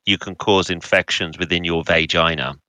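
A man's voice: low-pitched, fairly even intonation, moderate pace, pushed and bright, no echo. A man co-hosting a podcast, chatting casually and hesitantly, often repeating himself. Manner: hesitant, repeats words, laid-back. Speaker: podcast co-host. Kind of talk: casual chat.

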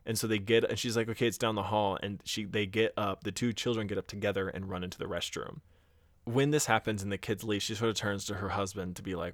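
A man's voice: fairly low pitch, steady tone, fast, dry recording, clean studio sound. A man casually retelling a scary story on a podcast, acting out the quotes and swearing now and then. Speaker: podcast co-host.

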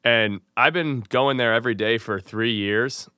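A man's voice: mid-range voice, unhurried, pushed and bright, smooth, no room sound, clean studio sound. A man from Chicago, a guest in casual chat, easygoing and full of slangy agreement. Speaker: guest, skateboard maker.

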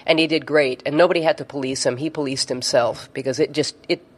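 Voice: mid-range voice, steady tone, quick pace. A neurofeedback therapist telling a story in conversation, chatty, with frequent fillers and restarts.

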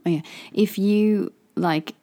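A woman co-hosting a casual podcast, chatty and quick to laugh, often asking questions. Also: medium pitch, warm tone. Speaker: podcast co-host. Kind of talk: casual chat.

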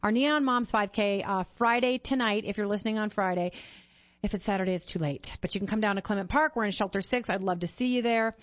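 A woman's voice: mid-range voice, fast, no echo. Woman podcast host, earnest, stumbles over repeated words, a little lo-fi. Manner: warm-hearted, earnest, repeats words when excited. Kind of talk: upbeat interview and appeal to listeners. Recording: slightly dull lo-fi sound.

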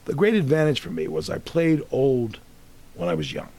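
A man's voice: fairly high pitch, moderate pace, creaky. A man in his sixties, an actor telling rambling stories about his career in a casual interview. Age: 60s. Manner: animated, rambling anecdotes with restarts. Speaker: actor guest.

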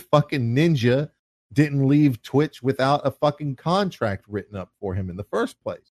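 A man's voice: medium pitch, darkish tone, no echo. Profane ranting man, dry close mic. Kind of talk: casual podcast chat.

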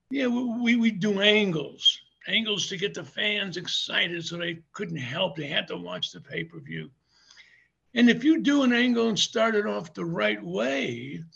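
An older man, a former wrestler, telling rambling, animated stories in a casual interview. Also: high voice, gravelly, husky, dull audio. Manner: rambling, animated anecdotes with laughs.

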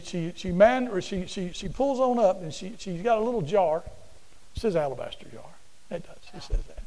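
A man preaching a sermon to a class in a folksy, animated storytelling way, often repeating himself. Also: sits high, low-quality recording. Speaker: preacher and teacher.

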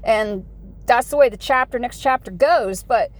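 Chatty woman in her forties, slightly high. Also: normal speed. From United States. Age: 40s. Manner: chatty, folksy, full of "you know" fillers and asides. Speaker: vlogger. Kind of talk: rambling casual monologue.

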